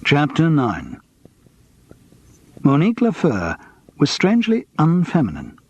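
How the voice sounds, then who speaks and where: A man narrating a mystery audiobook in a measured, even storytelling manner. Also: on the high side, breathy edge, dull audio.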